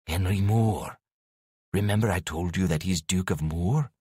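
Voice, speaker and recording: A man voicing a proud, impatient young duke who speaks in a measured, formal way in an audiobook. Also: sits low, a little mellow, breathy edge, no echo, clean studio sound.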